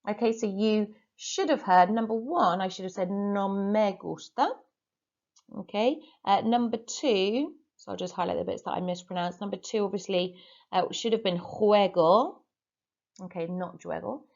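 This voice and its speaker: A woman Spanish teacher giving a recorded lesson, reading dictation sentences slowly and carefully, then going through corrections. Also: medium pitch, a little mellow, dull audio. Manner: slow, carefully spelled-out dictation.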